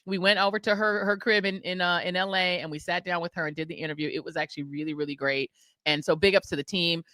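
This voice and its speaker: A middle-aged American woman hosting a podcast, telling a story in lively casual chat and acting out the people she quotes. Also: fairly low pitch, fast talker, dry recording. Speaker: podcast host.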